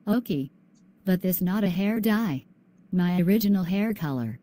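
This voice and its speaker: A female student voicing a young schoolgirl who is bullied, speaking softly and earnestly in a class video. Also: on the low side, expressive, normal speed, lightly acted. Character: young bullied albino schoolgirl, sad and gentle.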